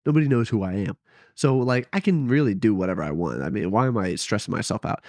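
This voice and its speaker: A young man talks fast and animatedly in a low, darkish voice, recorded dry with clean studio sound. His late-night home vlog on a headset mic is casual and rambling, marked by hesitation, trailing sentences, and self-mockery.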